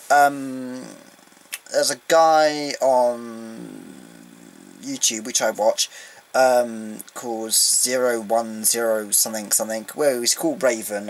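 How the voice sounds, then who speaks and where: A man in a casual home vlog, recapping a fan event in an excitable, rambling way with lots of ums. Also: medium pitch, creaky, slight background noise, poor audio. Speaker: vlogger. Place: indoors at home, beside his collection.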